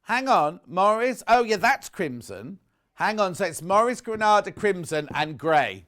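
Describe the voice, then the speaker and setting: Male home-shopping presenter: chatty, effusive, animated delivery. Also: high voice, a little slow. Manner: chatty, gushing, self-correcting. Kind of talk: live TV sales pitch.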